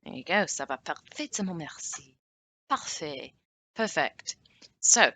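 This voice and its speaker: A woman talks through a language lesson in a loose, chatty way, pausing to correct herself. Her voice sits low and moves slowly, with a bright, forward tone. She drags out each example phrase so it can be copied. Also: lively intonation. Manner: chatty, self-correcting, drawn-out French examples. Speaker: language teacher. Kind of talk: casual video lesson.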